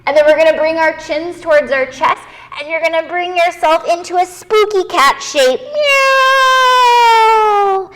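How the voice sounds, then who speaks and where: A woman leading a children's yoga class, gentle and playful, encouraging the kids and making animal noises. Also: extremely high pitch, normal speed, hardly any pauses, in a large hall, a little hiss or hum.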